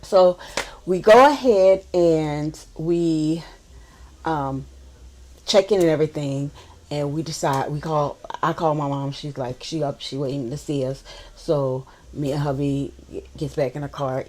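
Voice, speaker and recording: A woman's voice: low-pitched, unhurried, a little hiss or hum. A young woman from New Orleans with a local accent, chatting casually as she tells a story to her vlog viewers. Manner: chatty, relaxed, repeats phrases while telling a story. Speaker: vlogger.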